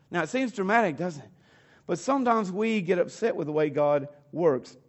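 A man preaches a sermon in a loose, conversational way, often restarting his sentences. His voice sits somewhat high for a man. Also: expressive, lo-fi sound. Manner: conversational, halting, with restarts and fillers. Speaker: pastor.

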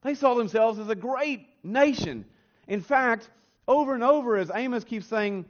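A man with a notably high voice delivers a church sermon. He talks earnestly and pushes up in pitch and force when he stresses a point. The recording is a bit muffled and lo-fi. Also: lively intonation, moderate pace. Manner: earnest, rising in pitch and force on emphatic lines. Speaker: pastor. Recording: slightly dull, lo-fi sound.

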